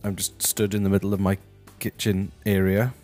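A man hosting a comedic review from his house, talking deadpan and rambling with lots of ums. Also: low-pitched, normal speed, soft background music. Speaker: host. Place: his house, walking to the kitchen.

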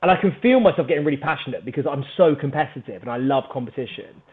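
A British man telling a story on a podcast in an energetic, animated way, swearing freely. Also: medium pitch, very fast, narrow, tinny audio. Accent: British English. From Britain. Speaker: podcast guest, startup founder. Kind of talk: casual storytelling chat.

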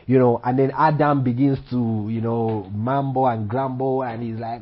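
A man's voice: mid-range voice, steady tone, moderate pace, few pauses. A man preaching a sermon, asking rhetorical questions and checking in with "Okay?". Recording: dull lo-fi recording.

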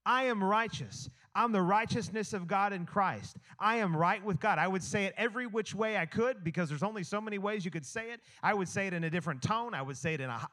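High-voiced preacher rambling casually. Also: male voice, fairly bright tone. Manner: rambling, conversational, with many fillers and restarts; playful asides to the congregation. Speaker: pastor. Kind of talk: sermon. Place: church hall with a live congregation. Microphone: handheld microphone.

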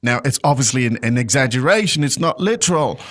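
Animated man teaching a language. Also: medium pitch, fast talker. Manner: animated, acts out dialogue lines. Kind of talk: casual language lesson chat.

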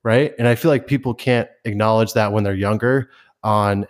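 A man's voice: on the low side, steady tone, normal speed. A young man co-hosting a podcast, telling a rambling story in an easygoing, casual way. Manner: easygoing, rambles through anecdotes with fillers. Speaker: podcast co-host.

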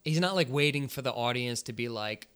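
Male podcast co-host, resonant mid-pitch voice, measured and analytical. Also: animated, fairly bright tone, clear, resonant tone. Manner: thoughtful, analytical, searches for words. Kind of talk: casual movie review chat.

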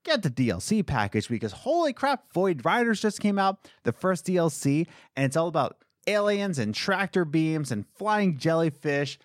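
A young man chatting excitedly on a gaming podcast, his pitch swinging widely from high to low as he rambles along. The sound is dry and close to the mic, with no room echo. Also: normal speed, few pauses. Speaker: podcast co-host. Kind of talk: casual podcast chat about video games.

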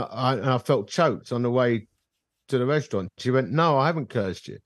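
A man's voice: mid-range voice, no room sound. Man telling a story, dry close sound. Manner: animated storyteller who acts out dialogue. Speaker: podcast guest, ministry leader. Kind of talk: storytelling in casual conversation. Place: bar.

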